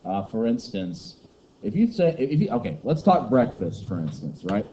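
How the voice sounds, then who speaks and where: There's a mellow, fairly low male voice here with big pitch swings and a moderate pace, belonging to a teacher from Kentucky, USA. He rambles and jokes through a class lecture, heard on a muffled recording with faint noise.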